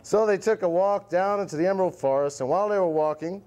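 A man hosting a live TV music show, telling a playful puppet story with lots of pauses. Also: sits high, a little mellow. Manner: rambling, playful, lots of uhs. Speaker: show host. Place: TV studio with live audience.

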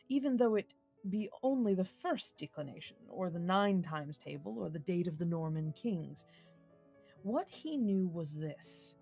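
A woman reading a fairy tale aloud on a live stream, gentle and measured, with asides to viewers. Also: medium pitch, breathy edge. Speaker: storybook reader.

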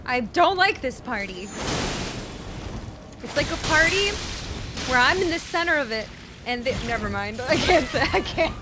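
A young woman streaming a video game, chatting with her viewers, swearing and yelling at the game, then apologizing and teasing herself. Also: high voice, lively intonation, normal speed, pauses often, heavy background noise. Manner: self-mocking, teasing chat. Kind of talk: casual live gameplay commentary to chat.

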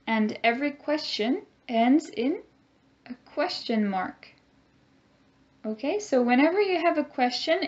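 A woman teaching a grammar lesson, speaking slowly and clearly and having the class repeat words after her. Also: fairly high pitch, highs cut off. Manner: slow, clear teacher talk with call-and-repeat drills.

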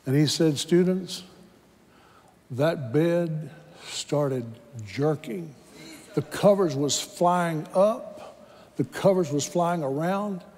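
A man's voice: fairly high pitch, slow pace, a little mellow, big-room sound. A man preaching a sermon, telling a story dramatically and acting out the voices in it. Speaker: pastor. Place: church sanctuary.

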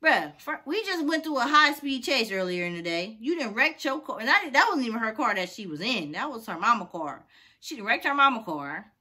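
A woman telling a personal story in a casual, animated way, acting out the other people's voices. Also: a little high, fairly quick.

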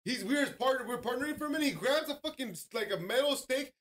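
A young man with a notably high voice in loose podcast banter. He tells his stories with energy, swears freely, and jumps into other people's voices when he quotes them. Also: quick pace. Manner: animated storyteller, swears freely, acts out a yelling relative. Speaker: podcast co-host. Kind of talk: casual chat.

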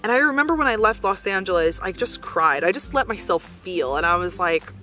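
A young woman talks straight to her viewers in a casual vlog. She is upbeat and chatty, filling her sentences with "like", in a middle-pitched voice. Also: lively intonation, brisk, few pauses, pushed and bright, soft background music. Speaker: vlogger.

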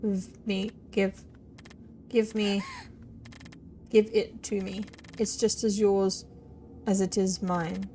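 A woman voicing a mysterious caged girl in a game, reading her lines aloud quietly and insistently. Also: medium pitch, flat delivery, slow pace, pauses often, slight background noise, close to an everyday voice.

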